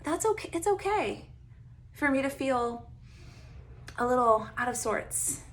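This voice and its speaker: Lively woman coach, slightly high voice. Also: measured pace. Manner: animated, laughs often, acts out her own self-talk. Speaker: Enneagram coach, podcast host. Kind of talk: casual coaching advice.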